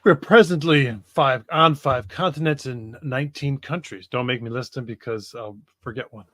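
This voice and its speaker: A man's voice: mid-range voice, moderate pace, a bit bright, no room sound. Easygoing Midwestern man, dry close mic. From Wisconsin, USA. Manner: easygoing, laughs often, hesitant with many uhs. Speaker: podcast co-host, regional coordinator. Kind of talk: casual podcast chat. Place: home room with books.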